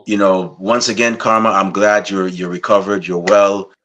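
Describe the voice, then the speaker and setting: Male podcast host, relaxed, reflective, unhurried sign-off. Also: sits low, muffled recording. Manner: laid-back, slow and reflective. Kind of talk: casual interview chat.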